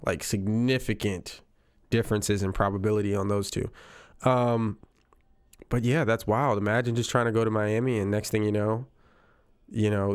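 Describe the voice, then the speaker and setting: A man's voice: on the low side, smooth, dry recording, clean studio sound. A man giving casual reaction commentary on news clips, wry and incredulous, repeating lines for effect.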